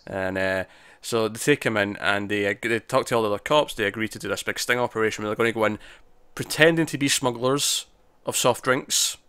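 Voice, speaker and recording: A man's voice: lowish voice, brisk, hardly any pauses, pushed and bright, smooth, no room sound. A man co-hosting a casual review podcast, recorded dry and close with no room sound. He rambles through the plot, restarting sentences and voicing characters' lines as he goes. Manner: rambling recap with many restarts and quoted asides. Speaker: podcast co-host.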